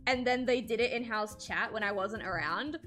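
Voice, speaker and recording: A woman artist chatting casually on a livestream while drawing, animated and swearing freely, with frequent laughs. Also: a little high, normal speed, faint music behind. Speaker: streamer and artist.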